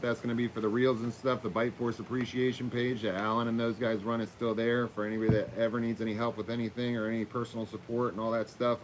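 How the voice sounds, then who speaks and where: With a noisy background behind him, a Florida livestream host signs off by chatting casually with viewers and his dog and cursing now and then. His voice is fairly low in pitch.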